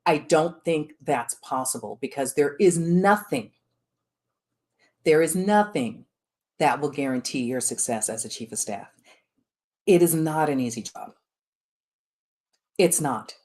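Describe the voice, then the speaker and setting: A middle-aged woman with a low voice leads a live workshop, talking frankly to her listeners. She is emphatic and repeats herself for weight, and her sentences are full of fillers and restarts. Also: animated, unhurried, long pauses, a little mellow. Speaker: workshop speaker on the chief of staff role.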